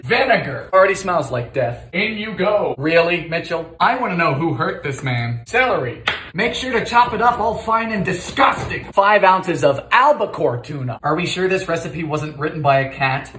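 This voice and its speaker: A man cooking in his home kitchen, trading dry sarcastic quips with sudden shouted outbursts. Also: high voice, lively intonation, normal speed, reverberant, slight background noise. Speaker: comedy cooking host. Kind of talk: quick comic cooking commentary.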